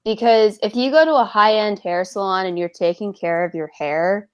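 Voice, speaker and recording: A woman's voice: mid-range voice, normal speed, clear, resonant tone, muffled recording. A woman in a casual podcast chat, talking in a chatty, emphatic way full of fillers.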